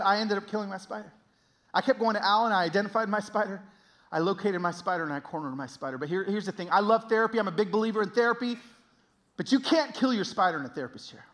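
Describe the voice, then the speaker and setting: Animated high-voiced male preacher. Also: fast talker. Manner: animated storytelling with sudden high exclamations. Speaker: pastor. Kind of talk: sermon.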